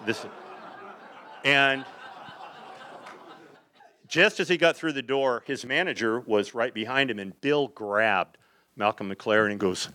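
An older man, a photographer, telling lively rambling anecdotes to a live audience, slipping into acted quotes. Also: medium pitch, measured pace, long pauses, dry recording.

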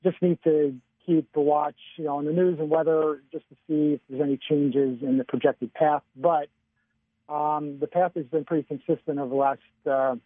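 A man giving a casual radio weather forecast by phone, chatty and relaxed, often chuckling. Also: on the high side, moderate pace, no room sound. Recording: tinny phone line.

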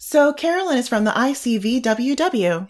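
A woman's voice: a little high, expressive, moderate pace. A woman co-hosting a podcast in casual chat, giggly and rambling, tired and short on coffee. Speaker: podcast co-host.

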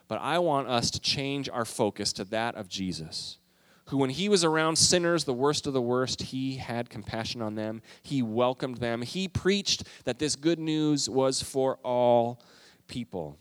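A man preaching a sermon as pastor, telling a story in an earnest, emotional way with emphatic rises in his voice. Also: medium pitch.

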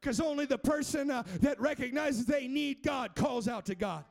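High gravelly shouting preacher man. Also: normal speed. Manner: fervent, chanting, frequent "uh" and "amen". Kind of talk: shouted sermon.

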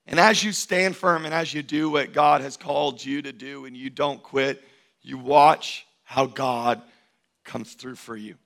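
Forceful, bright-voiced preaching man. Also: medium pitch, steady tone, measured pace, creaky. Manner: emphatic, swinging from loud declarations to hushed intimacy; repetitive, rhythmic preaching cadence. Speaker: pastor. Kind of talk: sermon.

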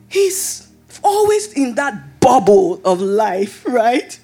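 A woman pastor preaching a sermon, telling a personal story in an animated way that rises into excited shouts. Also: high-pitched, takes it slowly, slightly rough, soft background music.

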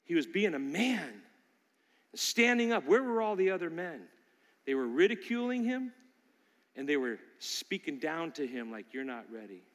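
A man preaching a sermon, emphatic and swinging from loud declarations to hushed appeals. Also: a little high, sing-song, a little slow, big-room sound.

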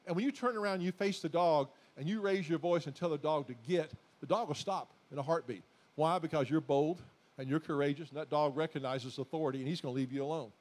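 A pastor preaches to his congregation in a fairly high voice. He speaks folksily, calling them folks, and he repeats his points until they swell into loud, emphatic declarations. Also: fast. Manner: exhorting, repetitive, builds to loud emphatic declarations. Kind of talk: sermon.

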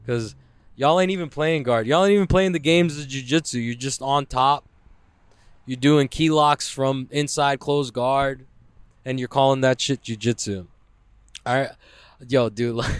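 A young man in a casual, rambling vlog rant. He swears freely and scatters fillers throughout. His voice sits at an ordinary pitch with a smooth, clean tone, recorded close and dry. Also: no room sound. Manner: profane, loose, lots of "like" fillers. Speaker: vlogger.

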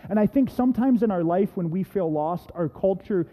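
A man preaching in a church, leading into his point through a chatty personal anecdote full of little asides. His voice sits high but has a mellow, soft-edged tone. The sound carries a long reverb tail from the sanctuary. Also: moderate pace. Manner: lively anecdotal, conversational asides. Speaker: pastor. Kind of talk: storytelling sermon.

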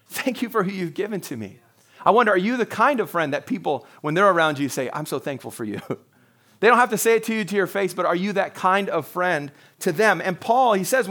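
This sermon comes from a man with a high-pitched, slightly bright voice. He speaks earnestly and conversationally, performs scripture in the voices of its characters, and laughs lightly and often.

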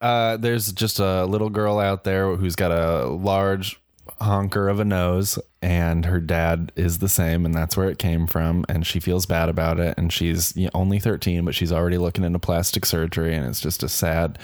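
A man co-hosting a comedy podcast, riffing in a deadpan, rambling way. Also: sits low, normal speed, no room sound, studio quality. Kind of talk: casual comedic banter.

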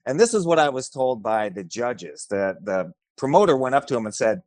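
A man's voice: mid-range voice, normal speed, hardly any pauses, no echo. A man, a former fighter, telling a story in a casual chat and acting out the voices of the people in it. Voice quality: animated, acts out voices in his stories.

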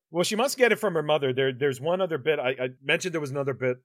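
A man's voice: on the high side, expressive, quick pace, no room sound. A man co-hosting a podcast, chatting casually about a horror movie, rambling with lots of restarts and swearing. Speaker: podcast co-host. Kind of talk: casual movie review chat.

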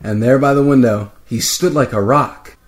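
A man's voice: medium pitch, moderate pace, heavy background noise. Man reading a rhyming holiday poem. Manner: lively reading, raising his voice for quoted lines. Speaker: podcast co-host reading a story.

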